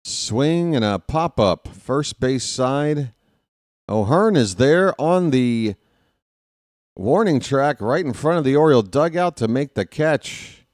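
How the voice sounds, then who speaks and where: An American man giving casual live fan play-by-play of a baseball game, chatty and talking to himself, with excitable bursts. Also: mid-range voice, slow pace, dry recording, clean studio sound. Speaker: play-by-play commentator.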